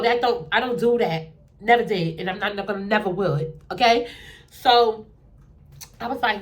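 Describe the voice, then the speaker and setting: A young adult woman telling a dating story in a casual, animated way, acting out what people said in a lowered voice.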